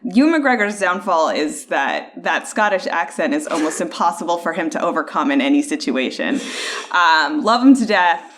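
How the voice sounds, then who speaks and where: A woman's voice: on the low side, lively intonation, normal speed, fairly bright tone, slight background noise. A woman co-hosting a podcast in casual chat, opinionated and full of "like" fillers. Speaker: podcast co-host.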